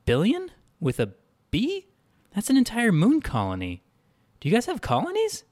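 A man's voice: medium pitch, moderate pace, natural voice. A man voicing a determined woman spacefarer who asks pointed, pressing questions. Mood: incredulous. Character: determined woman spacefarer, searching for her husband.

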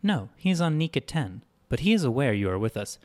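A man voicing a calm, unmoved synthetic man who answers in measured, formal sentences. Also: medium pitch, natural voice.

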